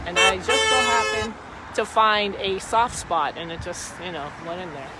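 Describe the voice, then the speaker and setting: At a street protest, a woman holds her phone camera and livestreams casually, her talk rambling, repetitive, and emphatic. She speaks at medium pitch and a moderate pace, while traffic and wind fill the outdoor recording.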